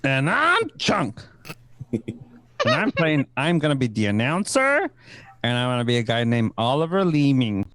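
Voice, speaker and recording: A man's voice: mid-range voice, wildly swooping pitch, a little slow, fairly bright tone, dry recording. A man chatting casually before a radio play reading, joking about himself. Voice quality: self-mocking, jokey. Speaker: announcer in a reading. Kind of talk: casual chat.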